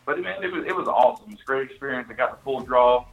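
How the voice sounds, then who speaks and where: A man's voice: medium pitch, lively intonation, fast talker, vocal fry, faint music behind. A man, casually telling a hunting story, full of restarts and "you know"s. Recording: tinny phone-like line.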